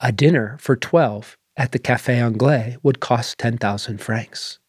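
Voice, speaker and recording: A man voicing a proud, weary French woman cook, speaking quietly and with dignity. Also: medium pitch, measured pace, slightly rough, dry recording, clean studio sound. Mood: dignified.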